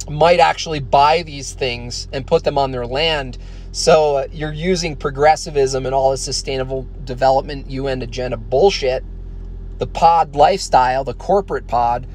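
A man's voice: mid-range voice, darkish tone, a little hiss or hum. A man delivering a casual ranting monologue, profane and rambling, with emphatic asides. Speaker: vlogger.

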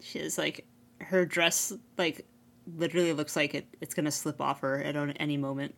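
Low-voiced woman with a laughing manner. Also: fairly even intonation, moderate pace, creaky. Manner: laughs often, agrees and riffs along. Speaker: podcast co-host. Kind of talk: casual fan podcast chat.

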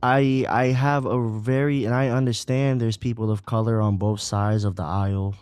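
Profane, animated male podcast co-host. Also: on the low side, normal speed, clean tone, no echo, faint music behind. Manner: profane, animated, frequent fillers. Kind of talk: casual political chat.

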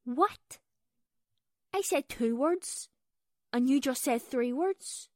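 A woman's voice: sits high, expressive, takes it slowly. A woman podcast host performing a comedy sketch as a tour guide, theatrical and mock-indignant.

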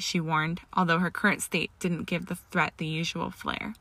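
A woman reading a story aloud in a steady, measured way. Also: fairly low pitch, gravelly, no echo. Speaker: fan fiction reader. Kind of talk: story narration.

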